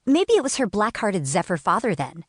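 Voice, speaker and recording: A woman voicing a hostile teenage girl who sneers and hisses her taunts, raised above her own low, husky voice. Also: animated, fairly quick, no echo, clean studio sound, close to an everyday voice. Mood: spiteful. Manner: sneering, hissing.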